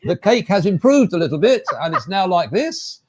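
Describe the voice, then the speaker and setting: Man with a lively, dry-humoured voice. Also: high-pitched, normal speed. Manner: dry, wry jokes. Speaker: co-host. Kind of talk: casual chat.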